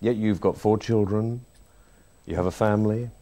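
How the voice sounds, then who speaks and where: A man's voice: fairly low pitch, fairly even intonation, moderate pace, warm tone. A man interviewing a guest, asking probing questions and cutting in often. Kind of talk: broadcast interview.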